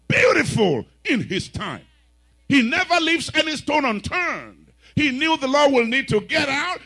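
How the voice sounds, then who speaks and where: A middle-aged man preaching as a bishop, swinging between shouted exhortation and quiet storytelling, calling questions out to his congregation. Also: very high-pitched, husky. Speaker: bishop and pastor. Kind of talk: preaching a sermon.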